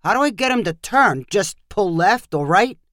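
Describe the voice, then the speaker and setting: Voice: medium pitch, expressive, normal speed, a bit bright, dry recording, clean studio sound, lightly acted. A storyteller voicing a large, nervous male tourist from Boston on his first horse ride. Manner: anxious, questioning.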